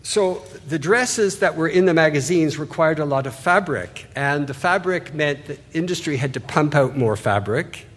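A man's voice: on the high side, animated, moderate pace, hardly any pauses, fairly bright tone. A man giving an art history lecture, talking loosely and pointing things out on slides, often restarting his phrases. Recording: hall reverb, husky voice.

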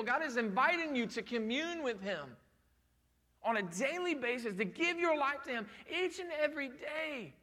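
Pastor, male, high and bright tone, chatty emphatic preaching full of rhetorical questions. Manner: animated, emphatic repetition. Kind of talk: sermon.

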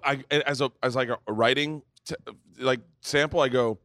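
A middle-aged man hosting a live podcast, rambling loudly through stories, swearing and laughing. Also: mid-range voice, steady tone, normal speed, dry recording, clean studio sound. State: tipsy. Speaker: podcast host. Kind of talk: live podcast comedy storytelling. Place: brewery stage before a live audience.

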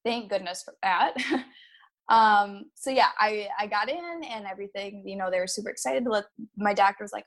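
A woman in her thirties shares a painful memory in a halting, emotional way. Her voice sits at an ordinary middle pitch, and she breaks off with small nervous laughs as she speaks. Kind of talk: personal story.

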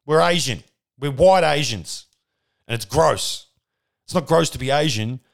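A man's voice: fairly high pitch, animated, measured pace, creaky. Swearing, ranting Australian man. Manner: profane, rambling, sardonic, restarts a lot. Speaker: podcast host. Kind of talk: solo ranting monologue. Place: room at home with white wall. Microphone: podcast microphone.

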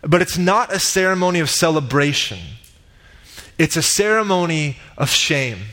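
A man delivering a sermon, retelling a parable with dramatic build-ups and loud quoted cries. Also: a little high, lively intonation, normal speed. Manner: dramatic retelling, rising to shouts in quoted lines. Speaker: pastor. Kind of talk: sermon storytelling. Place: church sanctuary.

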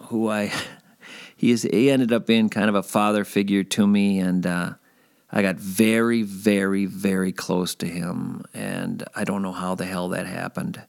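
A former radio host telling stories in a casual interview, animated and rambling, sometimes self-deprecating. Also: male voice, deep voice, unhurried, vocal fry.

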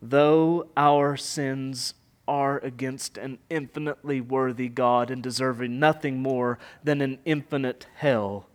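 A man preaching a sermon with passion, rising to loud emphatic peaks and falling to hushed, almost whispered lines. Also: mid-range voice. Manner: impassioned preaching, swelling loud and dropping to near whisper. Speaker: pastor.

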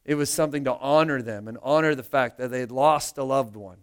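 A man's voice: medium pitch, a little fast, clean tone. A male pastor preaching a sermon to his church, earnest in tone and often repeating words as he builds emphasis. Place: church meeting room.

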